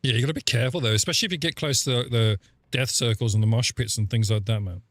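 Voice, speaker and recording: A man chatting on a game stream, rambling through sweary anecdotes with plenty of fillers. His voice sits at a middle pitch and sounds dry and close, with no room around it. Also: very fast, no room sound. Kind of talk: casual live-stream chat.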